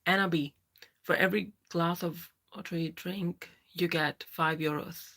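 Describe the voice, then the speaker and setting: A trans woman in her thirties hosting a live Q&A, reading viewer comments aloud and greeting people by name in a halting, self-correcting way. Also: lowish voice, fairly even intonation, fairly bright tone. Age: 30s. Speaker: livestream host.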